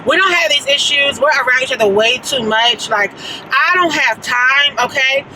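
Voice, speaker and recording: A high-voiced woman in her late thirties tells a story on her vlog in a casual, animated and dramatic way, heavy on slang. She talks from a car, with clear vehicle and traffic noise behind her. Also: moderate pace, far from the mic. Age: late 30s. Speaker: vlogger.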